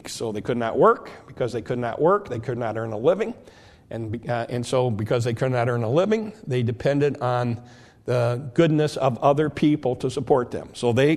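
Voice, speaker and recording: A man's voice: medium pitch, darkish tone. A male preacher giving a sermon who explains scripture verse by verse, often stumbling over and repeating his words as he goes.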